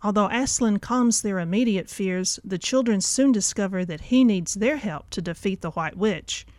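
A woman host presents a book review from a script, her delivery measured and clear. The recording is dry and close, with an even, mid pitch. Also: dry recording. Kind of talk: scripted narration.

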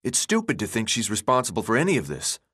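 Audiobook role: a man reading a determined teenage hero, earnest and insistent, lively delivery. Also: fairly low pitch, fast, husky, dry recording, clean studio sound, full character voice.

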